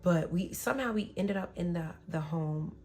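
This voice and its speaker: A woman's voice: fairly low pitch, moderate pace, warm tone, faint music behind. A young woman telling a painful personal story in a candid, emotional way, often acting out what was said. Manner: candid, emotional, slips into quoted voices.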